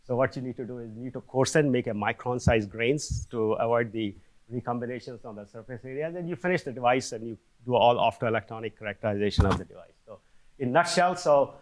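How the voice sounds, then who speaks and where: A man, older, giving a seminar lecture in a conversational way, often pausing to ask the audience "okay?" and restarting his sentences. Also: mid-range voice. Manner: conversational, frequent "okay?" check-ins with restarts. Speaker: seminar speaker. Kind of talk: academic lecture. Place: lecture hall.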